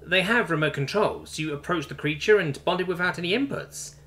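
Man doing a taloned male alien crewman, matter-of-fact, raised bright tone, faint music under it. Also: high voice, fairly quick, pitched above the performer's own voice.

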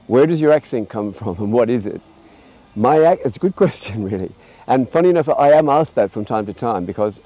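A man in his sixties with a mixed Australian accent, rambling warmly through viewer questions with laughing asides. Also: medium pitch, lively intonation, moderate pace, no room sound. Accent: Australian with a mixed, traveled lilt. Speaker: author answering viewer questions. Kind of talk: casual reflective monologue.

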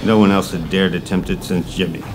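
A man giving a measured, matter-of-fact scripted narration for a documentary. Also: deep voice, steady tone. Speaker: narrator of the introduction. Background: guitar music.

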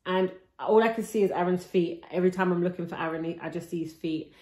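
Speaking fast in a lowish, mellow voice with a steady tone, this young woman vlogger recounts giving birth in a breathless, chatty storytime packed with likes and restarts. She talks into her own filming camera, and the room echoes noticeably.

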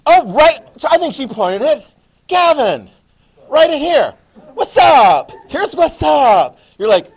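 A male history teacher lecturing a classroom in a playful, animated way, adding sound effects. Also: high-pitched, a little slow.

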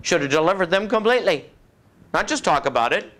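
A man preaching, telling his own testimony as animated storytelling with frequent chuckles. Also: high-pitched, fairly quick. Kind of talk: testimony sermon.

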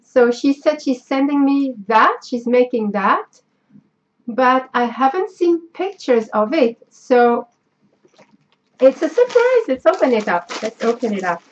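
Slow, gushing French-accented woman. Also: high voice, highs cut off, slight background noise. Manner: effusive, sentimental, gushing thanks. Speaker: craft vlogger. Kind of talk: casual unboxing chat.

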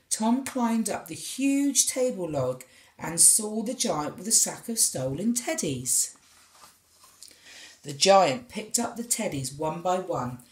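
A woman reads a children's picture book aloud at an unhurried pace. Her pitch rises and falls in a very lively way as she tells the story. The echo of a roomy space surrounds her voice. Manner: expressive storytelling. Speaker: storybook reader. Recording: echoey room.

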